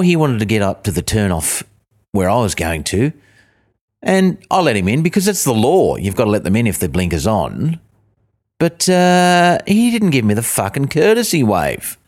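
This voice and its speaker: A middle-aged Australian man telling a swearing, ranting comic story, breaking into high outbursts. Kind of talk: comic monologue.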